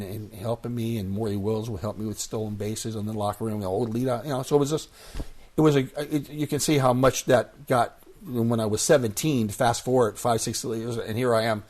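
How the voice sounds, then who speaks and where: This guest is a man in his sixties who once played baseball, and his husky voice falls in the mid range. Swapping stories in a relaxed interview, he's a lively narrator who performs the quoted voices himself.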